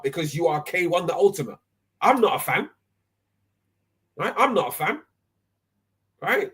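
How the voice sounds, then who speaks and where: A man's voice: high voice, husky. A man hosting a live online talk, emphatic and often tagging his points with "right?". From Nigeria. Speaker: host.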